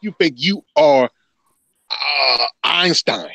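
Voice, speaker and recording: A man's voice: fairly high pitch, slow pace, creaky, bright, forceful tone, dry recording. A man telling a folksy story in casual podcast banter, stammering into his point. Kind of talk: casual chat.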